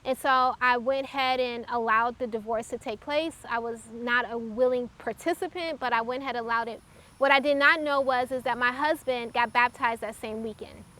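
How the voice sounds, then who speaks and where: Bright high-voiced woman giving testimony. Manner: earnest, halting, reflective storytelling. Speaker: testimony speaker. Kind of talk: personal faith testimony.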